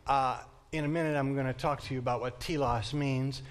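A man's voice: mid-range voice, steady tone, fairly quick, clear, resonant tone. A man giving a conversational lecture to an adult class in a church, thinking aloud with the odd restart.

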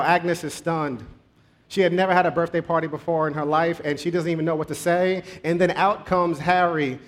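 A male preacher with a voice somewhat high for a man tells a story during his sermon. His tone is conversational, and he quickens and slows his pace to shape the narrative.

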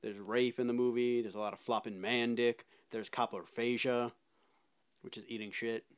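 A man's voice: medium pitch, flat delivery, moderate pace, smooth. A man co-hosting a casual podcast, swearing freely and rambling through stories. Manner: profane, loose storytelling. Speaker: podcast co-host. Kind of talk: casual chat.

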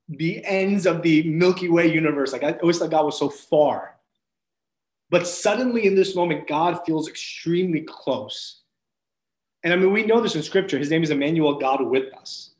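Earnest man telling his faith story. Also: fairly high pitch. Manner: earnest, reflective, with frequent restarts and soft laughs. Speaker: podcast guest. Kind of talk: personal faith testimony told as a story. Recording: roomy echo.

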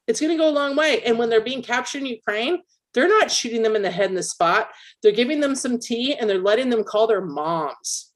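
A woman's voice: on the high side, expressive, brisk. A woman co-hosting a casual podcast, explaining her views at length in an emphatic, opinionated way. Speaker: podcast co-host; military veteran. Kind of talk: casual political chat.

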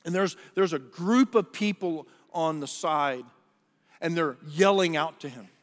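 A man's voice: a little high, a little slow, long reverb tail. A man preaching a sermon as pastor, earnest and conversational, often repeating and restarting his words.

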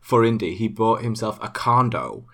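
A man's voice: on the low side, very animated, moderate pace, fairly bright tone. A British man co-hosting a casual motorsport podcast, joking and self-deprecating as he rambles through race news. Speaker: podcast co-host.

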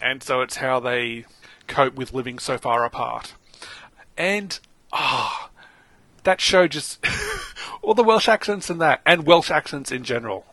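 An Australian man chats on a podcast in a bright, forward voice. He is animated, laughs often and exclaims freely. The sound is close and dry. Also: medium pitch, measured pace, dry recording. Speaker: podcast co-host. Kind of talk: casual chat.

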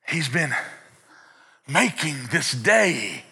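A middle-aged man, preaching a sermon in a church, playful and animated, with sung and acted-out bits. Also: medium pitch, moderate pace. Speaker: pastor. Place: church sanctuary.

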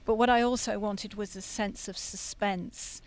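A woman's voice: mid-range voice, fairly even intonation, measured pace, slight background noise. Woman, author guest, enthusiastic, explanatory, casual chat.

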